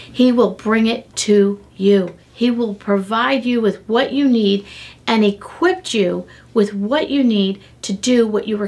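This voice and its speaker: Earnest woman giving a devotional talk. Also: on the high side. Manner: earnest, animated storytelling with emotional emphasis. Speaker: devotional podcast host. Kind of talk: conversational devotional teaching.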